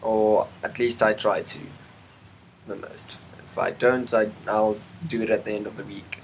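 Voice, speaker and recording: A man with a fairly low voice talks through a relaxed, meandering vlog monologue. He keeps stopping and restarting, trails off into ums, and drops little asides mid-thought, with a faint hum of ambience behind him. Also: a little slow, poor audio. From South Africa. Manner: rambling, self-interrupting, many ums and restarts; chatty, asides to the weather. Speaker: vlogger. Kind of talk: casual rambling monologue.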